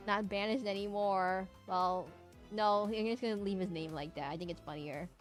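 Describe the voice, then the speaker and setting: A woman's voice: medium pitch, steady tone, moderate pace, faint music behind. Chatty young woman streamer rambling playfully. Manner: rambling, playful, talks to chat, hums. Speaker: streamer drawing for chat. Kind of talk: casual chat while drawing.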